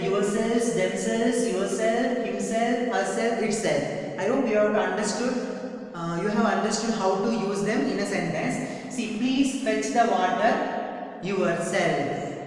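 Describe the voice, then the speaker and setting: A woman teacher with an Indian English accent giving a grammar lesson, speaking deliberately and repeating each example for emphasis. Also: medium pitch, darkish tone. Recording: echoey, reverberant room, mic far off.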